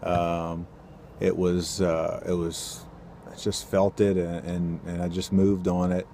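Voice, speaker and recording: A man telling a personal faith story to camera, earnest and halting, with many fillers and restarts. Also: low-pitched, level tone, creaky, mellow, a little hiss or hum. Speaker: ultrasound technician sharing a faith story. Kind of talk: casual testimony to camera.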